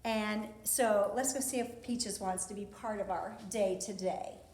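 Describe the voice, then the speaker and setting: A middle-aged woman, a park district program specialist, giving a gentle, chatty educational talk for children and talking softly to her pet doves. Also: mid-range voice, fairly even intonation, measured pace. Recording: echoey room.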